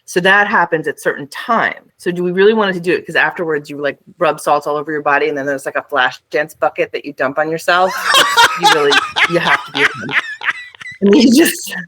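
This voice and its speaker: A woman co-hosting a podcast, telling a casual, animated story with lots of laughs and filler words. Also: sits low, a little fast, a little hiss or hum. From United States. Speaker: podcast co-host.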